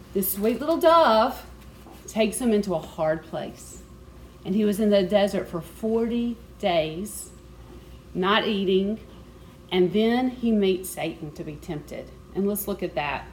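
A woman leads a Bible study, speaking at a middle pitch. She teaches in an easy, conversational way, mixing scripture with frank personal asides. Faint ambient noise sits under her voice in the meeting room. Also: a little mellow, rough recording.

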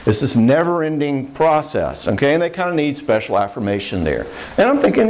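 An older man giving a lively sermon on marriage to a live crowd, conversational and playful, often checking in with the listeners. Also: on the high side, a little fast, poor audio. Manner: acts out quoted voices and jokes. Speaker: pastor teaching on marriage.

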